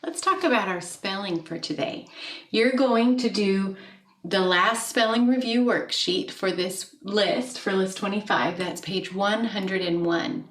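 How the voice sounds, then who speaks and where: A woman's voice: mid-range voice, a little slow, a bit bright. A woman teaching a second grade class in a recorded video lesson, explaining step by step and often checking in with "okay?". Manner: friendly teacherly, asks questions and checks with "okay?". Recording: echoey room, mic at a distance.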